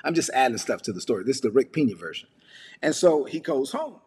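A man preaching a sermon, retelling a parable with lively storytelling and acted-out voices. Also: medium pitch, fast, slightly rough, long reverb tail. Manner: animated storytelling, acting out characters. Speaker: pastor.

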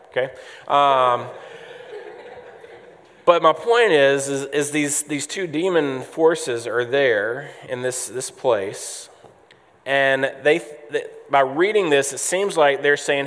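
A man's voice: medium pitch, measured pace, a bit bright, long reverb tail. A man preaching a conversational sermon as pastor, with frequent ums and restarts.

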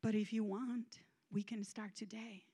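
A calm, gentle God , as a woman preacher puts him on, speaks in a soft, measured, sobering way. The voice sits fairly high. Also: husky.

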